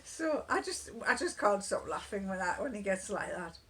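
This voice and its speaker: A woman's voice: mid-range voice, a little fast, fairly bright tone. A woman chatting casually to camera, rambling and digressive as she tells homely stories. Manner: rambling, digressive, laughs often. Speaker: vlogger.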